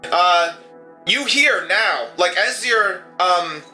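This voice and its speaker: Male game master, high voice, sharp and bright, narrates horror with soft music under. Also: animated, extremely slow, low-quality recording. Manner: hesitant, many fillers and restarts in rules talk.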